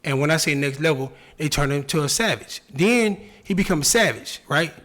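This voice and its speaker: Guy with a high bright voice spinning a story on a podcast, acts out the quotes, swears a lot. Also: moderate pace. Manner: animated storyteller acting out quotes, profane. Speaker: podcast co-host. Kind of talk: casual group chat.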